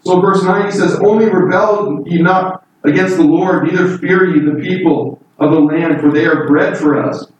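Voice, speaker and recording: A man's voice: high-pitched, normal speed, few pauses. A man preaching a Bible sermon in an earnest, emphatic way, voice lifting on key points. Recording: echoey room from far off with faint noise.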